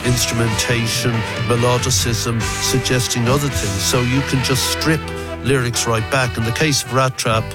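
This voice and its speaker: A man's voice: medium pitch, fairly even intonation, normal speed, few pauses, over loud music. An older Irish man with a South Dublin accent, a musician answering interview questions in a rambling, reflective way with many restarts. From Ireland. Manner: gravelly, rambling with restarts and fillers. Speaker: musician guest.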